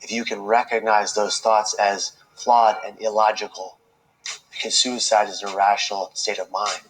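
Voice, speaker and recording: A man telling his own life story as a speaker, earnest and slow, with dramatic pauses. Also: lowish voice, level tone, fairly bright tone, rough recording. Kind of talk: emotional personal storytelling speech.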